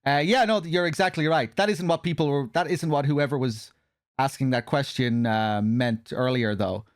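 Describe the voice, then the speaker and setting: A man streams a game and chats through it in a relaxed way, explaining the story and restarting his sentences as he goes. His voice sits in a middle range. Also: medium pitch, normal speed. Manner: chatty, self-correcting, explaining the story. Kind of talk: casual live commentary.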